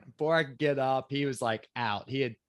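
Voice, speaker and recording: A relaxed man of middle pitch tells a story with dry humor, slipping into quick quoted voices. The sound is close and dry, with no room around it. He talks like a guest at ease with the hosts. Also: no room sound. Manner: laid-back, wry storyteller, acts out quotes. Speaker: former pro quarterback, guest. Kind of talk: casual storytelling interview.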